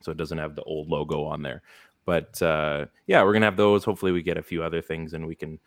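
A man's voice: rumbling low, little pitch movement, quick pace, no room sound, studio quality. A man hosting a casual sports podcast, rambling through advice with lots of fillers. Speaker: podcast host. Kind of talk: casual fantasy sports chat.

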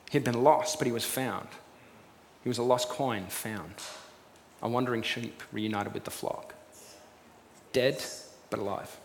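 A man preaching a sermon, retelling a story in a lively way and acting out what its figures say. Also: mid-range voice. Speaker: pastor. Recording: long reverb with faint room noise.

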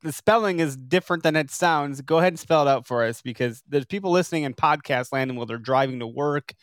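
A man's voice: a little high, fast, dry recording, clean studio sound. Enthusiastic man hosting a podcast. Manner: enthusiastic, rambling with restarts. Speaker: podcast host. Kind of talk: casual interview chat.

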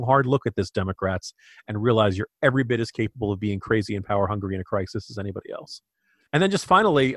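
A man's voice: mid-range voice, fairly bright tone, dry recording, studio quality. A man co-hosting a podcast, giving opinionated political commentary with frequent restarts. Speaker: podcast co-host.

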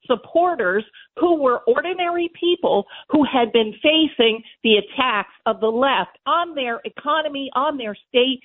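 A woman's voice: high voice, lively intonation, unhurried. A woman calling in as a policy advisor guest, firm and indignant as she defends her view. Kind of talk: political talk radio guest. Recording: tinny phone line.

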